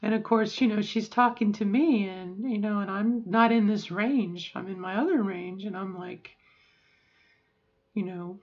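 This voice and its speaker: A woman's voice: medium pitch, lo-fi sound. A middle-aged woman talking frankly and emotionally in a rambling personal video diary, swearing now and then. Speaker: vlogger.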